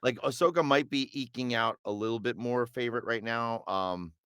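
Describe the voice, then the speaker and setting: A man's voice: medium pitch, moderate pace, fairly bright tone, clean tone, no room sound, clean studio sound. A middle-aged man, a voice actor, chatting as a guest in an interview with lots of fillers and restarts. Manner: rambling and hesitant, with many fillers and restarts. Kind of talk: casual interview chat.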